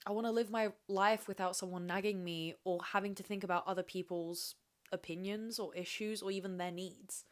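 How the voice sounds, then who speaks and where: A woman's voice: mid-range voice, fairly even intonation, fairly quick. A young woman hosting a casual solo podcast, talking candidly and rambling with plenty of swearing, asking herself questions and answering them. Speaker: podcast host.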